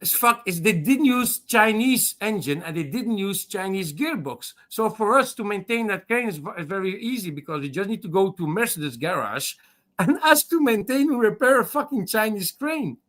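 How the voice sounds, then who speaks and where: A man's voice: high-pitched, expressive, normal speed, a bit bright. A man from Belgium on a video call in a heated live debate, restarting his points and swearing. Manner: repetitive, restarts with "the thing is", swears. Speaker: call-in panelist.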